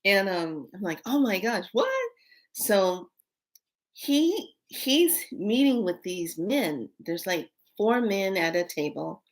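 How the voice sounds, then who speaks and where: A woman vlogger telling a story casually to camera, animated and exclaiming, with frequent fillers. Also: mid-range voice, takes it slowly. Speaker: spiritual vlogger.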